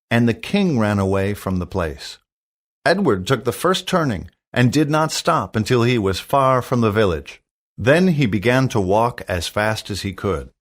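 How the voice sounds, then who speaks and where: Male narrator, storybook read-aloud for learners, slow careful delivery, lively pitch.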